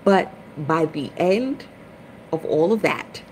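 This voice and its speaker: A woman hosting a casual spiritual livestream chat, chatty and expressive, greeting viewers by name. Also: slow, slight background noise, poor audio. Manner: dramatic swings into high, loud retellings. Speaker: livestream host.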